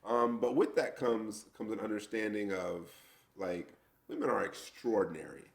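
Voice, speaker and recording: A gravelly, low-side voice at normal speed belongs to this middle-aged American co-host. Chatting casually on a podcast, he spins animated stories, laughing and acting out quotes.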